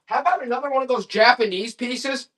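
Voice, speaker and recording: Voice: medium pitch, brisk, a bit bright. A live online auction seller running a stream with playful, joking sales banter.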